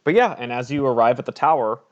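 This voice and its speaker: A man's voice: medium pitch, animated, fast. A man narrating a tabletop game as game master, chatty and hesitant, often laughing. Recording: dull lo-fi mic.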